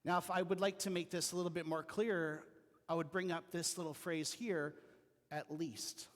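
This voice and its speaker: A man preaching a sermon as pastor, telling personal stories in an earnest way that drops to a quiet voice. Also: fairly high pitch, steady tone, normal speed, big-room sound. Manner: earnest storytelling with quiet dips. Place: church sanctuary.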